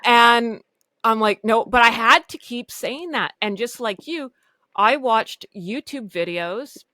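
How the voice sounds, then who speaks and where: A woman's voice: on the high side, expressive, takes it slowly, sharp tone, no echo. A woman guest on a podcast, chatting casually in an outspoken way, swearing and joking. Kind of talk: casual conversation.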